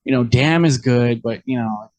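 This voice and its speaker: A man's voice: mid-range voice, moderate pace, a little mellow. A man as a podcast guest in casual chat, easygoing, dropping chuckling asides and short backchannels.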